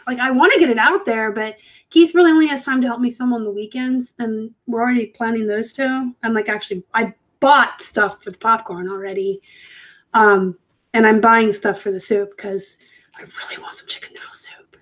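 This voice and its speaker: A woman's voice: on the high side, steady tone, normal speed, low-quality recording. Chatty woman hosting a live stream. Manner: chatty and rambling, with frequent fillers and self-corrections. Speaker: host of a live reselling show. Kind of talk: casual live-stream chat. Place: home room set up for work.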